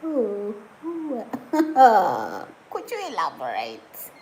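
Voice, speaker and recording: A woman chatting on a live stream from home, reading out viewer comments and laughing easily. She talks at an unhurried, drawn-out pace. A faint background hiss sits under her voice. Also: medium pitch, wildly swooping pitch, a little mellow, low-quality recording. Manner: giggly, chatty, often breaks into laughter. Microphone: phone or camera set on a surface.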